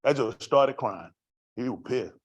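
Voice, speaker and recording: A man's voice: medium pitch, animated, measured pace, no echo, lo-fi sound. A man giving a raw, vernacular testimony to a congregation, asking the room rhetorical questions as he tells his story. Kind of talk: street-life testimony to a congregation.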